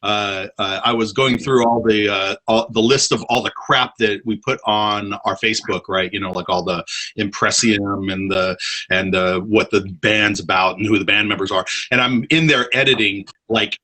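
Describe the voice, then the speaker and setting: A man with a bright, forceful voice chats loosely on a podcast. He stumbles over his words, repeating and restarting them, and laughs his way through the telling. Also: on the low side, fairly even intonation, moderate pace. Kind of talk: casual podcast chat.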